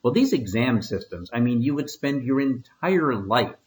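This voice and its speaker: A man's voice: mid-range voice, sing-song, moderate pace, rough recording. A man, a history teacher, giving a casual recorded lecture with wry asides and frequent fillers.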